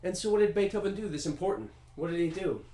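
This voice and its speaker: A man riffing in a casual comedic monologue, animated and profane, rambling with fillers. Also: sits high, quick pace. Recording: roomy echo.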